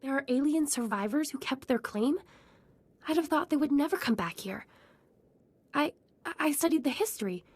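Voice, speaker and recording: An idealistic young settler in a video game. Her fairly high voice is earnest, and she argues her case with calm reasoning. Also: moderate pace, long pauses, dry recording. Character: idealistic young woman settler with sympathy for outsiders.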